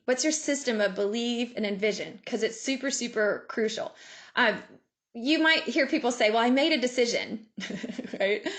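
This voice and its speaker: Lively woman on a video call. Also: high-pitched. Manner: lively, laughs often, acts out inner voices. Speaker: guest speaker. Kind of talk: motivational talk.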